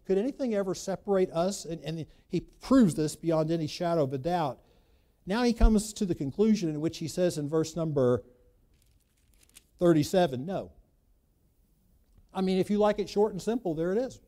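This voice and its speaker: A man preaching a sermon, emphatic, swinging between loud bursts and quiet asides. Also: sits high, lively intonation, normal speed, pauses often. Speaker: pastor.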